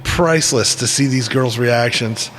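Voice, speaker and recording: A man's voice: medium pitch, measured pace, music in the background. A man hosting a podcast in casual chat, rambling and playful, laughing often. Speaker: podcast host.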